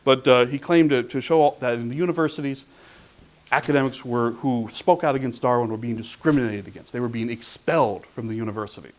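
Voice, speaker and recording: A man's voice: mid-range voice, brisk. A man giving a public lecture at a meeting, talking in a wry, conversational way with asides. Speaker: guest speaker.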